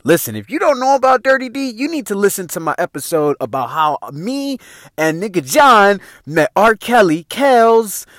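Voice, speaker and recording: Animated Chicago man telling stories. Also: sits high, no room sound, clean studio sound. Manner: animated, slangy, laughs often, rambling. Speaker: podcast host. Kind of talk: casual storytelling monologue.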